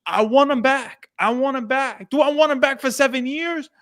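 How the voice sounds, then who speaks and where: A man co-hosting a sports talk show, answering questions in a measured way and backing his points with stats. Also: extremely high pitch, a bit bright. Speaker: podcast co-host.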